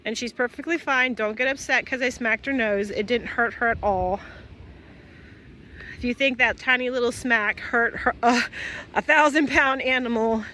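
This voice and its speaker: Her fairly high, sharp-toned voice moves at normal speed as she chats through farm chores in a pasture, calling her cattle in sing-song fashion for her vlog. Slight background noise can be heard.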